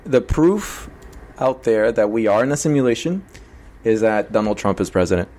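A man's voice: fairly low pitch, lively intonation, normal speed, darkish tone. A man hosting a podcast chat over an internet call, talking loosely and casually with plenty of swearing. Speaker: podcast host.

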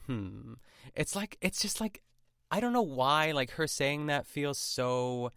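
A man's voice: on the high side, expressive, slow, creaky, a bit bright, clean tone, no echo, clean studio sound. A man hosting a podcast, casually recapping a cooking show in a rambling, chatty way full of "like" and restarts. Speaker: podcast host.

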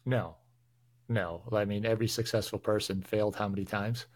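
Male podcast guest, firefighter, somewhat low voice, animated storyteller. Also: normal speed. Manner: animated storytelling, stumbles and restarts. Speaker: firefighter and public information officer, guest. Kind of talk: casual interview chat. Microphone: remote video call.

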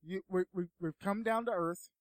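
A man's voice: high-pitched, moderate pace, dry recording. A man in casual comedy banter, earnest and profane as he sets up a skit.

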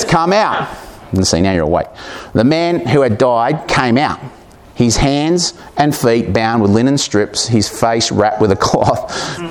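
A man preaching a sermon, reading scripture aloud and breaking off into casual, humorous asides to the congregation. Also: mid-range voice.

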